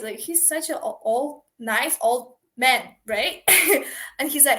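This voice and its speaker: Young woman from Kazakhstan, twenties, slightly high voice, animated storyteller, English. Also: slow pace. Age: 20s. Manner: animated, laughing, acts out quoted exchanges; non-native English, frequent "like" fillers. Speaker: guest. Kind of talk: casual interview storytelling.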